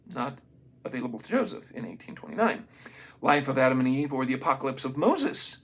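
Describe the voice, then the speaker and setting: A man reading a book aloud in a casual, unprofessional way, stumbling over names and adding excited comments of his own. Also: medium pitch. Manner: reads haltingly, stumbles on names, adds excited asides. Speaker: amateur reader of a book.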